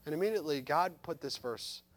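A man in his thirties preaching a sermon as a pastor, earnest, swinging between loud emphasis and soft reflection. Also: on the high side, expressive, fairly quick, slight background noise.

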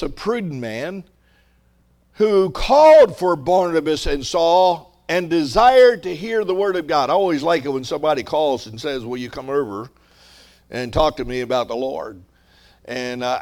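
A man's voice: fairly high pitch, a little mellow. Man preaching a fervent sermon. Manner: preaching with rising emphasis, conversational asides. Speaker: pastor.

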